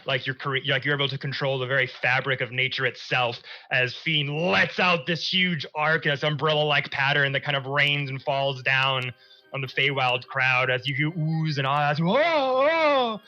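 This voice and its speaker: A man narrating as game master of a tabletop game, loose and excited in his scene descriptions. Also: mid-range voice, moderate pace, lo-fi sound.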